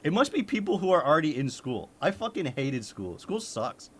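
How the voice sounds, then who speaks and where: A man from Maine chats casually on his stream, cursing freely and laughing through his rants. His slightly raised voice swings widely in pitch, snapping into sudden disbelieving yelps. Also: very animated, moderate pace, husky. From Maine, United States. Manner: profane, blunt and laughing often; exclamatory, with sudden incredulous outbursts. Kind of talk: casual reaction commentary.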